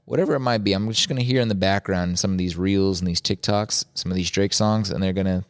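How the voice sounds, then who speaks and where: Chill podcast guy with a deep-ish clean voice, talks slangy and opinionated. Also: quick pace. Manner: laid-back, slangy, opinionated riffing. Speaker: podcast host. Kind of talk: casual chat.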